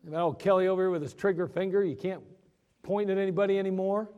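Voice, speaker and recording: High-voiced man preaching in a reverberant hall. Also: steady tone, dull audio. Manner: folksy, joking asides, emphatic slowdowns. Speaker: pastor. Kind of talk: sermon.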